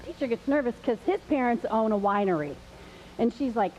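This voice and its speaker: High-voiced chatty woman hosting. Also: animated, brisk, darkish tone. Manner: chatty, laughing, a little nervous. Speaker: host. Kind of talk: live church show storytelling. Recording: dull lo-fi with faint hiss.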